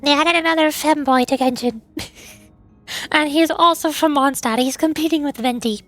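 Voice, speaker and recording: A woman's voice: sits high, normal speed, a bit bright, soft background music. A young woman streamer chatting casually in a rambling, self-deprecating way. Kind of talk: casual chat between voice acting.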